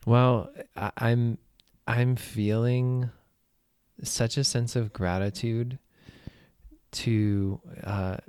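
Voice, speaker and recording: Mellow-voiced man, gentle and searching. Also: mid-range voice, steady tone, extremely slow, long pauses, smooth, no room sound, clean studio sound. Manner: gentle, searching, hesitant restarts. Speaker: podcast guest, musician. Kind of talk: casual heartfelt conversation.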